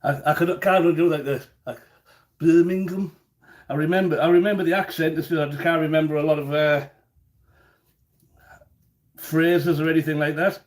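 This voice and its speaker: A man's voice: fairly high pitch, steady tone, fairly quick, pauses often. A man chatting casually in his home kitchen during a live cooking stream, rambling and often repeating words as he goes.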